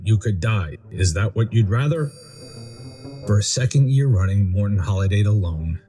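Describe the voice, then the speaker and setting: A man's voice: lowish voice, dark tone. A man narrating a rhyming storybook poem with a sing-song, sarcastic rhythm.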